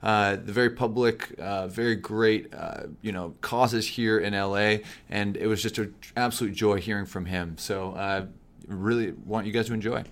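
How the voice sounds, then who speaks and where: Man, lowish voice, podcast co-host, enthusiastic, lots of fillers. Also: fairly even intonation, normal speed. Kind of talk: casual podcast intro.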